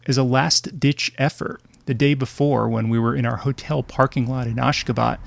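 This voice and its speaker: Gravelly man narrating a travel story. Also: mid-range voice. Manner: wry storytelling with dry humor. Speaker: podcast host and narrator.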